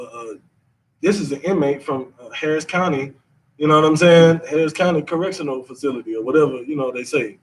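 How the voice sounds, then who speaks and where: Heard from a distance, a man with a fairly high voice teaches a scripture class casually, repeating himself and drawling his slang in a conversational way.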